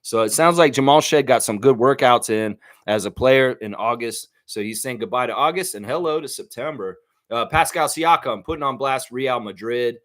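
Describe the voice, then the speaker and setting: Male host, casual live-stream banter, quick laughs, easygoing. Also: medium pitch, a bit bright. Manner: chatty, laughs often, sings snippets, many fillers. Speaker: sports livestream host. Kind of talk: casual live chat reading viewer comments.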